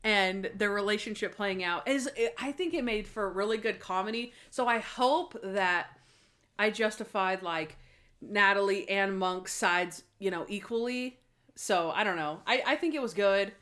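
A woman's voice: mid-range voice, normal speed. A young adult woman co-hosting a casual podcast, animatedly recapping a TV episode and acting out the characters' lines. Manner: animated, acts out characters' lines in quoted voices. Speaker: podcast co-host. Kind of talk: casual chat reviewing a TV episode.

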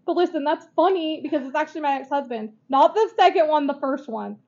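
Giggly high-voiced woman, casual swearing. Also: fast, darkish tone. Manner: laughs often, swears freely, acts out quotes. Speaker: podcast co-host. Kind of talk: casual chat. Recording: dull lo-fi recording.

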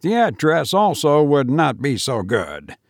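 A man's voice: fairly high pitch, very animated, unhurried, no echo, clean studio sound, voice pushed up. A man voicing a broke young schemer with a light, mocking manner.

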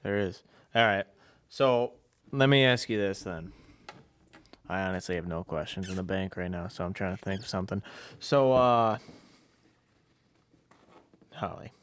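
A man's voice: low-pitched, unhurried, pauses often, a bit bright, a little hiss or hum. A man hosting a casual podcast chat, loose and hesitant, swearing freely. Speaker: podcast host.

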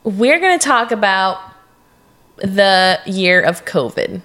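Woman on a casual podcast, medium voice, super talkative, always jumping in. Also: medium pitch. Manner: chatty, animated, quick to jump in with opinions. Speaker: podcast co-host. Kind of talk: casual chat.

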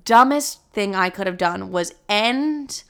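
A young woman talks straight to her own camera in a loose, chatty storytime vlog. Her voice is smooth and clear, sitting at an ordinary middle pitch. She swears freely and leans on "like" as she rattles through the tale. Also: takes it slowly. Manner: profane, animated retelling with lots of "like". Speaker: vlogger.

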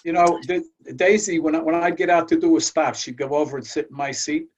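An older man with a slightly high voice and steady tone hosts a storytelling chat at a brisk pace. He shares folksy anecdotes, often repeating words as he goes. The audio is dull and lo-fi.

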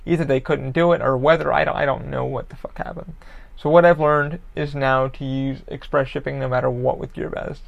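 Gravelly-voiced man ranting casually. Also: mid-range voice, fairly even intonation, a little fast, highs cut off. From Orlando, Florida area. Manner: profane, rambling, frustrated. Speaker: podcast host. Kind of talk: casual solo rambling.

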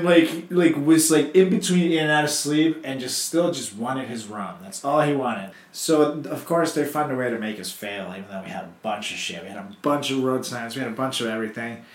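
A young man hosting a casual chat, telling stories in an animated way, swearing and acting out quotes. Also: medium pitch, roomy sound.

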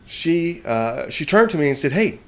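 This podcast co-host tells a rambling story in a slightly high, somewhat bright voice, animated and at normal speed. He pokes fun at himself and keeps tacking "right?" onto his lines.

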